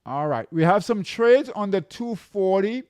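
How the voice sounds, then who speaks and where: A man's voice: high voice, lively intonation, unhurried, a little mellow, dry recording, studio quality. A man running a live trading lesson, walking through charts and checking in with "okay?" and "right?" as he talks. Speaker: trading coach.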